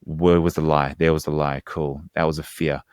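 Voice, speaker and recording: A man's voice: extremely low pitch, little pitch movement, normal speed, darkish tone, clean tone, no room sound, clean studio sound. A man speaking as a hypnotherapist guest in a casual podcast conversation, earnest and explanatory with slangy asides.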